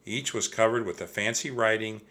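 A man reading a children's chapter book aloud as narrator, with expressive storytelling. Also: on the low side, fairly quick.

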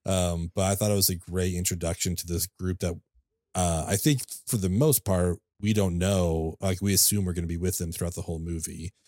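A man co-hosting a podcast, chatting casually about a film with a relaxed, rambling manner full of fillers. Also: low voice, a little fast, no room sound, studio quality. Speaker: podcast co-host. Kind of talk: casual chat.

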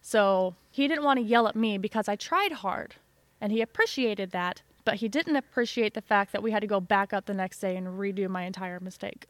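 A wry woman from a small town chats casually on a podcast, swearing offhandedly and acting out quotes in her stories. Her mid-pitched voice sounds dry and close to the mic. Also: fairly quick, no echo. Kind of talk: casual chat.

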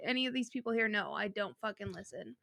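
Blunt, swearing woman with a gravelly voice. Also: medium pitch, fast, sharp tone, no room sound, studio quality. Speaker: podcast co-host. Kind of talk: casual chat.

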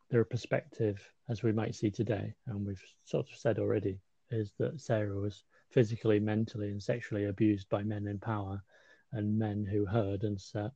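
A man's voice: fairly low pitch, vocal fry, dark tone, no echo. A man co-hosting a podcast, explaining history in a casual chat with dry humor. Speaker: podcast co-host. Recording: slightly dull lo-fi sound.

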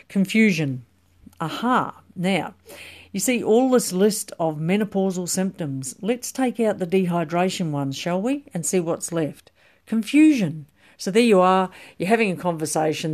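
A woman's voice: low-pitched, a little mellow. A middle-aged woman coaching on menopause health in a rambling, casual talk full of ums and restarts.

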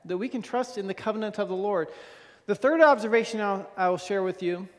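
High-voiced man preaching in a hall. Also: a little fast. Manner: earnest, repeats words and asks "okay?". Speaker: pastor. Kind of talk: sermon.

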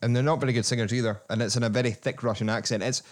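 A man's voice: medium pitch, rapid-fire. Chatty man hosting a podcast. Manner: chatty, laughing, animated asides. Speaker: podcast host. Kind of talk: casual football podcast chat.

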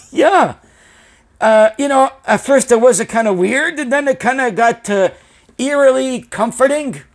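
A nervous, rambling business owner who mangles his English and swears freely, as a man puts him on. His voice rides high and bounces around. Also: lively intonation, unhurried, full character voice. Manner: broken English, rambling, profane. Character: anxious, rambling immigrant male business owner.

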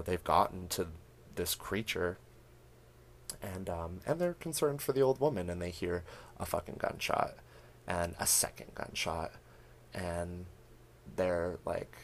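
A young man with a deep voice hosts a podcast, recapping a horror film in casual storytelling. He laughs often and acts out the characters' lines. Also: slight background noise. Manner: animated storytelling, laughing often, acting out quotes. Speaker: podcast host.

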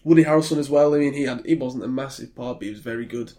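A man's voice: mid-range voice, very fast, warm tone. A British man co-hosting a casual podcast about films. He rambles, with lots of ums and restarts. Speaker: podcast co-host. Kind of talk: casual film chat.

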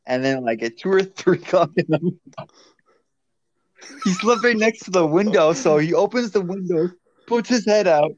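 A man's voice: sits high, lively intonation, measured pace, pauses often, dull audio. A man recalling stories as a guest in a casual chat, swearing casually and laughing as he talks. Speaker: podcast guest.

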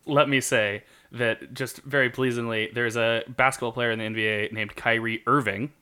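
Guy cohost rambling casually, lots of um and like, bright sharp voice. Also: medium pitch, fairly even intonation, moderate pace, clean tone. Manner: rambling, with lots of ums and likes. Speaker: podcast co-host. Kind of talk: casual chat.

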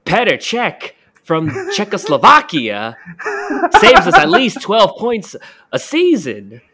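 A man's voice: sits high, huge pitch swings, slow, pushed and bright, voice pushed up, exaggerated voice. A man doing a hammy fake-London footballer. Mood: mock boastful. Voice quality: botched London accent drifting toward New Jersey. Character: brash male pro footballer, mock London swagger.

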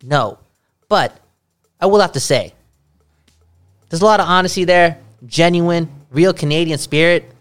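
A man's voice: fairly high pitch, unhurried, pauses often, clean tone. A young man co-hosting a podcast, chatting casually with lots of swearing and jokes. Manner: swearing, joking, excitable. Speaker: podcast co-host.

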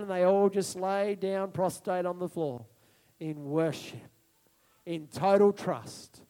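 A man preaching a sermon, moving between quiet reflection and loud, repeated declarations. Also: high-pitched. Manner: impassioned, swinging from soft to loud declarations; repeats phrases for emphasis.

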